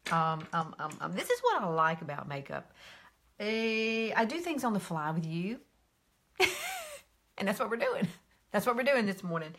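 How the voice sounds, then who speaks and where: A woman's voice: bright, forceful tone, slightly rough. Chatty woman in her fifties. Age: 50s. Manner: chatty, greets viewers by name in a high sing-song. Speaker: makeup vlogger hosting a live stream. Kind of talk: casual live makeup tutorial.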